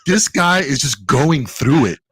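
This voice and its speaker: A man co-hosting a casual podcast, his voice bright and forward, pitch leaping around as he acts out scenes and cracks himself up. The mic is close and the room dry, with almost no echo. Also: measured pace, breathy edge. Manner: animated, acts out scenes in quoted voices, laughs often. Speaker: podcast co-host. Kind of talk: casual chat, show review.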